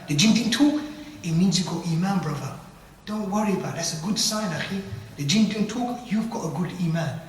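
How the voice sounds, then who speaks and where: Male religious teacher, animated and quick, high-ish voice; distant, reverberant mosque-hall recording. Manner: animated, acts out dialogues, uses Arabic phrases. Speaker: ruqya teacher. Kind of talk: informal religious lecture. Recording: echoey hall from far off, faint noise.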